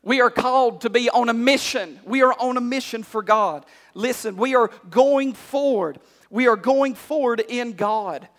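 A male pastor preaching a sermon, calling out to the congregation and climbing to shouts. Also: very high voice, measured pace. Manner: call-and-response preaching, rising to shouts. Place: church hall. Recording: long hall reverb.

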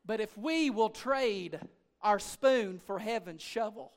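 A male pastor preaching a sermon in church, building from low murmurs to shouted, rhythmic repetitions. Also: slow pace.

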